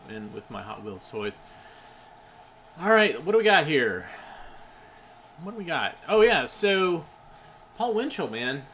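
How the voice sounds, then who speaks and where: A man hosting a casual film stream, chatting in a relaxed, rambling way with many fillers. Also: lowish voice, slight background noise. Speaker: host. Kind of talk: casual livestream chat.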